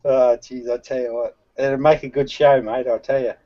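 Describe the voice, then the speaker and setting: A man's voice: mid-range voice, little pitch movement, normal speed. A man, hosting casual banter on a video call, teasing and laughing often. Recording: dull lo-fi video call audio.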